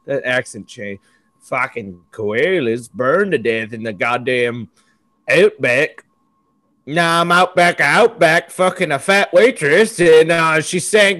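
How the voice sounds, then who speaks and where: Loud, high-voiced profane comedy podcaster. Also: male voice, lively intonation, takes it slowly. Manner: profane, riffing into mock rants with sudden high-pitched outbursts. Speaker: podcast co-host. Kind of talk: casual comedic chat.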